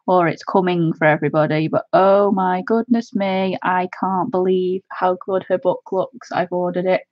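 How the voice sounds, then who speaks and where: Giggly, excitable woman hosting a craft stream. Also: fairly low pitch, no echo, muffled recording. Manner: excitable, giggly, gushing thanks. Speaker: craft channel host. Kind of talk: chatty live stream while colouring.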